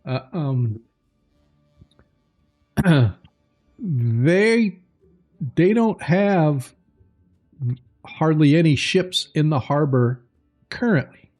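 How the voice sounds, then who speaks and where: A man narrating a tabletop game as game master, slow and halting with many fillers. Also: a little high, animated, darkish tone, faint music behind.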